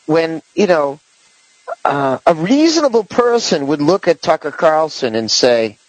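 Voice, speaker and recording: A man's voice: fairly high pitch, very animated, a little slow, no echo, rough recording. A man hosting a podcast in casual political chat, rambling with many restarts and fillers. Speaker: podcast host.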